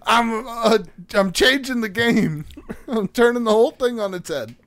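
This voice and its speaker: High-voiced laughing young man. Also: unhurried, a bit bright, no echo. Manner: jokey, laughs often, mock-announcer asides. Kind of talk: casual comedic banter.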